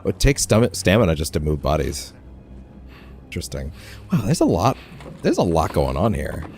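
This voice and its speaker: A man's voice: deep voice, huge pitch swings, normal speed, vocal fry, darkish tone, a little hiss or hum. A man casually commenting as he streams a game, rambling and often restarting his phrases.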